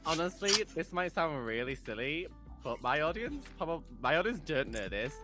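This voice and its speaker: A man's voice: a little high, moderate pace, faint music behind. A man from Yorkshire, a streamer, chatting candidly and mocking himself on a video-call panel. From Yorkshire, England. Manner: candid, self-mocking, animated. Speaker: streamer and podcast guest. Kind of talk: casual panel chat.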